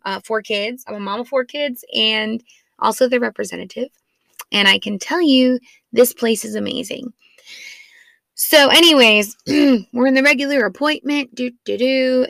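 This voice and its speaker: A woman's voice: fairly high pitch, gravelly, sharp tone, dry recording. A woman in her thirties, a mother of four, telling a family story in a chatty, rambling, self-deprecating way with lots of "like". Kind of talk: casual storytelling podcast.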